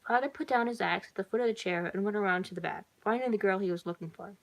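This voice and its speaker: Female reader of a story, gravelly voice, casual quiet commentary between passages. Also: medium pitch, quick pace, low-quality recording. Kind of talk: reading a story aloud with commentary.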